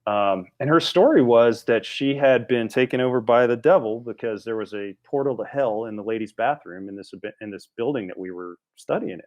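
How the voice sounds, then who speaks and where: A man in his forties, a podcast guest telling a story in a casual, animated way with frequent restarts. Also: mid-range voice, brisk, hardly any pauses. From United States.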